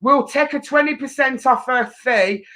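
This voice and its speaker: Woman host, high voice, bright tone, teasing. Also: moderate pace, poor audio. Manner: cheeky, teasing, breezy. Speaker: charity show host. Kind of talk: casual chat.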